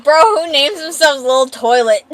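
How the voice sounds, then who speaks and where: A woman's voice: high-pitched, animated, takes it slowly. A woman streamer in casual live-stream chat, trading profane, playful mock-angry banter.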